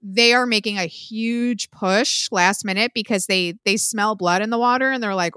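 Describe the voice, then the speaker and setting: A woman's voice: mid-range voice, normal speed, sharp tone, smooth, dry recording. A woman in her thirties co-hosting a podcast, chatting casually with strong opinions and lots of "like" and "um". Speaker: podcast co-host. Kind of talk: casual chat.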